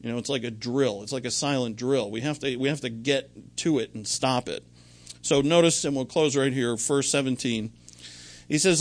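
A man's voice: mid-range voice, normal speed. A middle-aged man preaching a sermon in a conversational, rambling way, full of anecdotes and restarts. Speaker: pastor.

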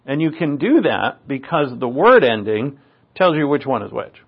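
A man's voice: mid-range voice, sing-song, normal speed, gravelly, husky. A man teaching a Bible passage from the Greek, explaining and emphatic, often restarting his phrases. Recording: dull lo-fi recording.

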